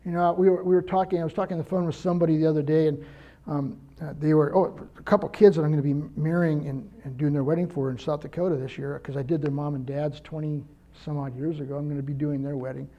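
An older pastor with a high-pitched voice delivers an earnest, story-filled sermon in a relaxed, conversational way. The sound is dull and lo-fi. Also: male voice, fast talker. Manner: earnest, personal, anecdotal.

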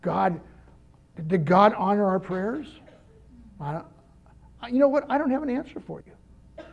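A man's voice: high voice, very animated, unhurried, gravelly, highs cut off. An older man preaching a conversational sermon, earnest and personal, telling stories to make his point. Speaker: pastor.

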